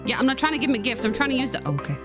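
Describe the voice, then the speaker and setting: Animated sarcastic woman game streamer. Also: sits high, racing, music in the background. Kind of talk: casual game commentary.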